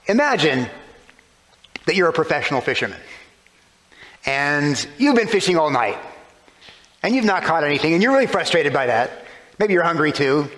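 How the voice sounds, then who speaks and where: A man's voice: on the high side, expressive, normal speed, pauses often, fairly bright tone. A man preaching a sermon, explaining scripture with rhetorical questions and shifting emphasis. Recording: long hall reverb.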